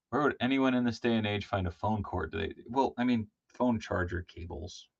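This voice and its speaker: A man chatting casually while painting a toy figure on a livestream, laughing and lively as he tells stories. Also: normal speed, gravelly, husky. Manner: animated, laughing, jumps into high excited voices when telling stories. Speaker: co-host of a toy customizing livestream. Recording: slightly dull lo-fi stream audio.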